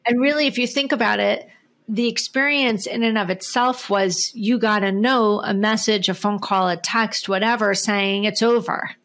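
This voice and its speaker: A woman's voice: medium pitch, steady tone, moderate pace, fairly bright tone. Earnest woman podcast host. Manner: earnest, explanatory, steers with questions. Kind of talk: podcast interview.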